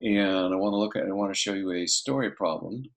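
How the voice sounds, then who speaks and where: A man's voice: sits low, a little fast, gravelly. A man teaching a casual math lesson, talking through each step aloud and checking in with "okay" often.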